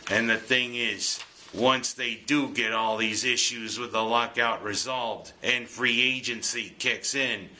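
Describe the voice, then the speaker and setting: A man's voice: medium pitch, sharp tone. A man giving jokey, punning scripted sports commentary as host. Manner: jokey, punning, breaks into goofy singing.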